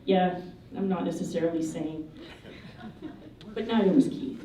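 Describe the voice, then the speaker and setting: A woman speaks at a memorial service, telling funny anecdotes in a lively, humorous way. Her voice is mellow and somewhat distant from the mic. It rings out in a strongly echoing hall with faint ambience behind. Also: lowish voice, unhurried. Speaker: eulogy speaker.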